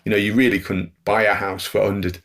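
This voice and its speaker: A middle-aged man tells a story on a podcast. His voice sits low and has a gravelly edge. He chuckles as he goes and plays the voices of the people in the story. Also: flat delivery, fast talker, fairly bright tone. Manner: chuckles through anecdotes, acts out quoted voices. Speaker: podcast guest. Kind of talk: storytelling in conversation.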